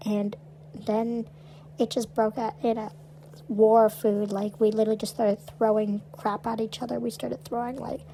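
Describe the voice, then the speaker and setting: Young woman co-host, mellow tone, loose chatty storyteller who says "like" a lot. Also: a little high, little pitch movement, moderate pace, slight background noise, low-quality recording. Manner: chatty, peppers speech with "like". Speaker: podcast co-host. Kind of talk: casual storytelling chat.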